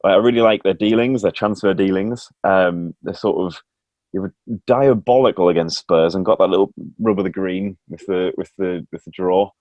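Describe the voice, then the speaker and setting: A man's voice: low voice, normal speed, darkish tone, no echo, highs cut off. A man hosting a casual sports podcast, chatty and self-mocking, laughing often. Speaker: podcast host.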